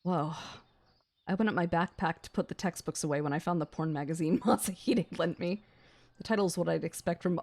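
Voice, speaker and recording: A young adult woman streamer reading a visual novel aloud on a gaming stream, excitable and swearing between gasps and laughs. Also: fairly low pitch, a little fast, gravelly.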